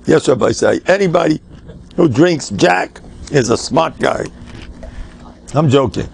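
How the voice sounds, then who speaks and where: Older rabbi lecturing; raspy and fairly high, emphatic, full of jokes and Yiddish asides. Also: male voice, animated, unhurried, a little hiss or hum. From United States. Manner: emphatic, joking, mixes Yiddish and Hebrew words. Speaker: rabbi giving a class. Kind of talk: informal Torah lecture.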